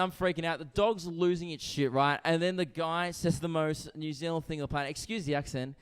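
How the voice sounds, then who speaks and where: A man's voice: a little high, brisk, hardly any pauses, clean tone. Brash young man doing stand-up. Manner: brash, conversational, keeps asking "right?". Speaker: stand-up comedian. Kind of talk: stand-up routine. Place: comedy venue stage. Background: audience laughter.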